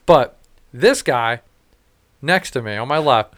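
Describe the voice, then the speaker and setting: A man's voice: mid-range voice, lively intonation, slow pace, fairly bright tone. A man in his late thirties, ranting and cursing his way through a casual story about a concert. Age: 30s. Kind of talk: casual chat.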